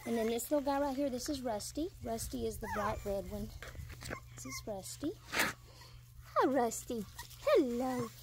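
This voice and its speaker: A woman's voice: fairly high pitch, normal speed, very noisy. A woman, a dog breeder, casually narrating a video and talking to her puppies in sing-song baby talk. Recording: loud puppy whimpers behind. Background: puppies whimpering.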